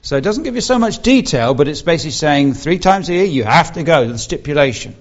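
A man's voice: fairly high pitch, lively intonation, fast, dull audio. A man preaching a Bible-teaching sermon, explaining earnestly and stressing key words.

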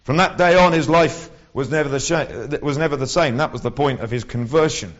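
A man's voice: medium pitch, a little fast. A man preaching a sermon in a conversational way, with wry asides and frequent restarts. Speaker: lay preacher. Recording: dull lo-fi recording.

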